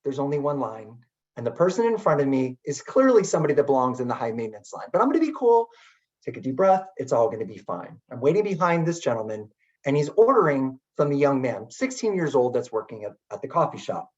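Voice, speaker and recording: A man's voice: mid-range voice, fast talker. Middle-aged man, keynote speaker, chatty storytelling, swooping voice, dull lo-fi audio. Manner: animated and chatty, many "like" fillers. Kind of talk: storytelling webinar talk.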